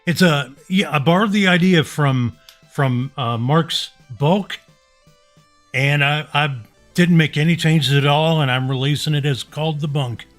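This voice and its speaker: Slightly high-voiced man, matter-of-fact chat. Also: a little slow, faint music behind. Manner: matter-of-fact, talks gear. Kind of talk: casual chat on a live stream.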